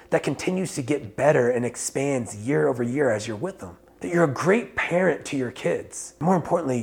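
Male coach, 30s, rough husky voice with fry, candid motivational vlog delivery, curses freely, builds to emphatic. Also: medium pitch, darkish tone. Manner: casual and candid, swears freely, grows emphatic. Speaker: life coach. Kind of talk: motivational talk to camera.

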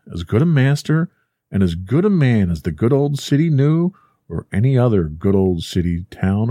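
A man narrating a classic story with measured, expressive delivery. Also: mid-range voice, dry recording, studio quality.

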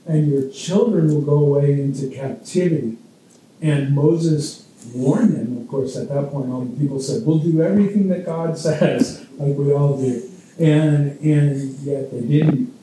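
A man leading a casual Bible study, talking in a relaxed way with many fillers and restarts, to a small group in a room. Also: medium pitch, a little hiss or hum. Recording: dark, echoey room from far off.

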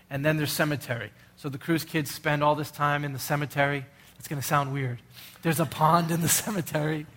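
A man's voice: fairly high pitch, a bit bright. A middle-aged male pastor preaching a sermon in an earnest, urgent way, full of rhetorical questions.

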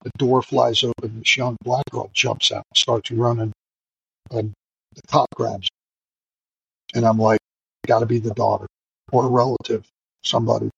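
A man's voice: medium pitch, level tone, moderate pace, creaky, long pauses, a bit bright, breathy edge, no echo, dull audio. A middle-aged man, a firefighter, telling a raw story in an interview, profane and emotional, rambling with many fillers. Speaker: firefighter and podcast guest.

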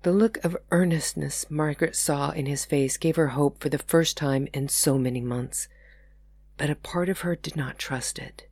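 A woman who hosts a podcast reading her own novel aloud in steady storytelling narration. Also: deep voice, moderate pace, breathy edge, no room sound. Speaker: podcast host and author.

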